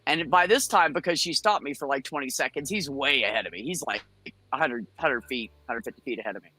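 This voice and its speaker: A woman's voice: extremely low pitch, quick pace, slightly rough, no echo. Brash, foul-mouthed woman telling a story. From United States. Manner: blunt, profane, animated storytelling. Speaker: guest. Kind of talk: casual storytelling on a chat show.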